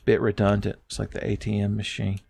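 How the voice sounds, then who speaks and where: A man giving joking, casual commentary while playing a video game, jumping up in pitch when excited. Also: brisk, vocal fry, husky, no echo. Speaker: let's play host.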